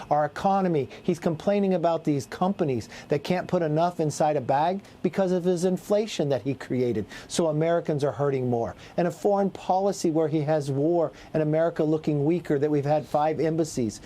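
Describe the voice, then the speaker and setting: A middle-aged man with a mellow, relaxed tone and a fairly high voice talks assertively as a news guest. He lists his points and repeats words as he goes. A faint hum of noise runs behind him. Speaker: political guest. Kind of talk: cable news interview.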